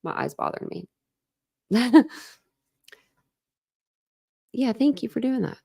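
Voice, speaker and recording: A woman's voice: a little high, lively intonation, normal speed, vocal fry, warm tone, husky. A woman from Ohio hosting a casual livestream chat, talking in a chatty, rambling way with many fillers. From Ohio, USA. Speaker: livestream host.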